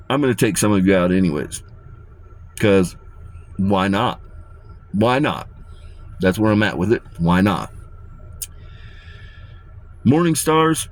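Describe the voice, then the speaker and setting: A man delivering a rambling, profane and menacing rant to his viewers, often repeating himself. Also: deep voice. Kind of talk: ranting monologue to camera.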